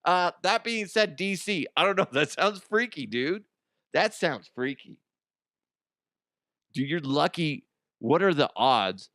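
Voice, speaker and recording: A man hosts a comedy podcast, reading listener ghost stories at an unhurried pace. He riffs excitedly between them, laughing often and swearing freely. The sound is dry and close, with no room around it. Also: a little high, no room sound. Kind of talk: comic commentary on listener stories.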